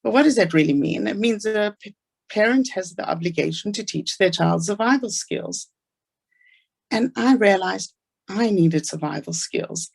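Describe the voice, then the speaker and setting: A woman's voice: mid-range voice, animated, gravelly, slightly rough. A woman with a South African accent giving an earnest, inspirational talk about her own life. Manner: earnest storytelling, fast asides. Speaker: speaker.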